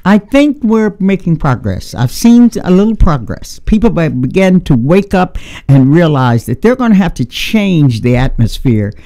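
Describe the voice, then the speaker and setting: A man's voice: fairly high pitch, sing-song, moderate pace, dark tone. A man hosting a talk radio conversation, speaking in an emphatic, preachy way and asking rhetorical questions. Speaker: radio show host.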